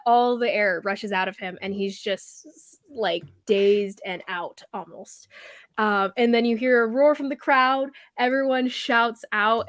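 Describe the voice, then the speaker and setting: A woman's voice: fairly high pitch, fairly bright tone, no room sound, studio quality. A woman narrating as a tabletop game master, rambling with many fillers and self-corrections.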